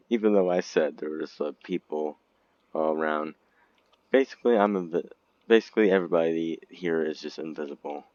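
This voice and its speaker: Deep-voiced guy rambling n giggling thru a game vid, dry muffled audio. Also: moderate pace, a little mellow, no echo. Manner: rambling, giggly, sudden squeaky outbursts. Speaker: gaming video creator. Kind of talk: casual game commentary. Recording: dull lo-fi recording, dry.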